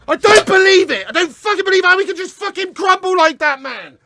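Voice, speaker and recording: A young man in a furious, heavily sweary ranting reaction video, often shouting as he addresses his viewers. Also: very high-pitched, lively intonation, a little fast, heavy background noise. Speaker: fan reaction host.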